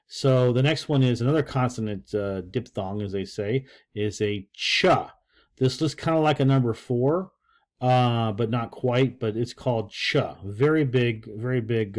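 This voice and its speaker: A man's voice: medium pitch, darkish tone. Folksy older man teaching. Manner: rambling, folksy, joking asides. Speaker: Russian language teacher. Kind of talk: casual video lesson.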